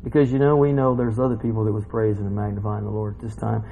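A man preaching a sermon, swinging between hushed reading and loud excited exclaiming with bursts of laughter. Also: fairly low pitch, quick pace, gravelly, narrow, tinny audio.

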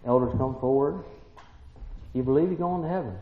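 A man preaching a sermon, emphatic and full of rhetorical questions, building to excited peaks. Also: mid-range voice, brisk. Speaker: pastor. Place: church. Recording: roomy church, dull lo-fi sound.

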